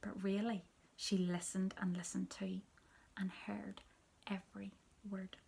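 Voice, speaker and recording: Gravelly woman reading softly. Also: mid-range voice. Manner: soft, hushed storytelling, often near a whisper. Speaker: teacher. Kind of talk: reading a children's story aloud.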